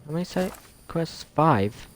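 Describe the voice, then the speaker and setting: A man's voice: on the high side, expressive, a little slow, a little hiss or hum. A man chatting casually to viewers while playing a video game, rambling and correcting himself. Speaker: let's play streamer. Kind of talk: casual gameplay commentary. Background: game music.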